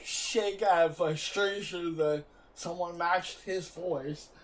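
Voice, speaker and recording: A young man hosting a gaming video, telling rambling stories in casual chat with plenty of filler words. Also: a little high. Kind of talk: casual chat while playing.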